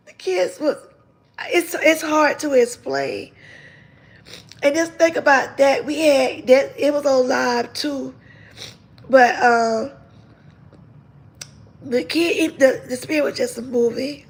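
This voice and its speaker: A woman tells her own story to her viewers. Her voice sits slightly high, with a gravelly edge. She speaks with animated, repeating emphasis. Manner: animated storytelling, repeats phrases, grows tearful. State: tearful near the end. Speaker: channel host telling her story. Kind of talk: emotional testimony to viewers.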